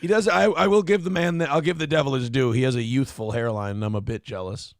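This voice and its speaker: A man's voice: mid-range voice, fast talker, no room sound, clean studio sound. A man hosting a late-night stream, a little drunk and tired, swearing freely and ranting when annoyed. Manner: swears a lot, grows irritated and rants. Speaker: streamer host. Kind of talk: profane casual stream chat.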